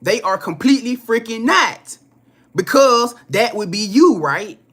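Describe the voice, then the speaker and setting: A man's voice: extremely high pitch, expressive, unhurried, a bit bright. A man giving a casual live-stream spiritual reading, talking straight to his viewers in a chatty, repetitive, profane way with frequent laughter. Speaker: spiritual card reader.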